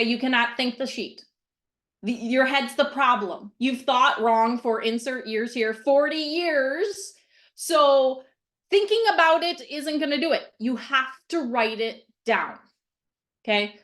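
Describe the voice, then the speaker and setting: A woman's voice: high-pitched, fairly bright tone. Blunt middle-aged woman coaching on a video call. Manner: blunt, emphatic, repeats points with "okay?". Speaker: mindset coach. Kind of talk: casual teaching on a video call.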